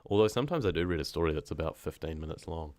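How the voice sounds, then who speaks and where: A New Zealand man who narrates horror stories and streams chats casually with viewers in a deep voice. He rambles at a racing pace, relaxed and quick to laugh, and his close, dry sound has no room echo.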